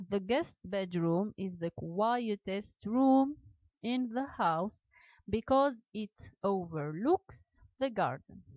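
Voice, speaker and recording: A woman teaching English grammar, repeating each example slowly and explaining it again in Arabic. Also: mid-range voice, a little mellow, no room sound. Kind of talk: classroom grammar lesson. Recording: dull lo-fi sound.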